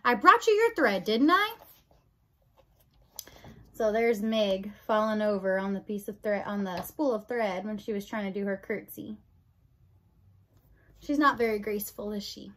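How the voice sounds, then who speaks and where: A woman's voice: medium pitch, fairly even intonation, normal speed. A woman reading a children's book aloud, adding chatty asides to explain the story. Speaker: read-aloud narrator.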